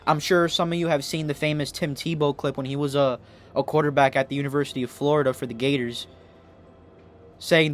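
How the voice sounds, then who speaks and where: A man's voice: fairly high pitch, fairly quick, fairly bright tone. A young man hosting a sports podcast, delivering an impassioned, emotional rant to camera. He raises his voice, swears, and stumbles over restarts. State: emotional, near tears.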